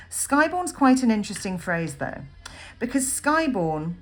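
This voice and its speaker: A woman teaching a poem in a recorded lesson, thinking aloud with frequent ums and pausing as she annotates notes on the page. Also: lowish voice. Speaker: literature teacher. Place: at a desk writing notes.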